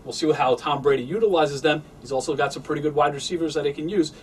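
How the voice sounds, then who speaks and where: A man's voice: fairly high pitch, quick pace, recorded from a distance, slight background noise. Young man breaking down football. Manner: steady, analytical. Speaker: sports show host. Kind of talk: sports analysis chat.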